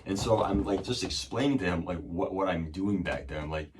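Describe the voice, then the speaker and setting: A man's voice: sits low, brisk, few pauses, distant mic. A man telling a casual story as a podcast host, rambling and profane, with many fillers and restarts.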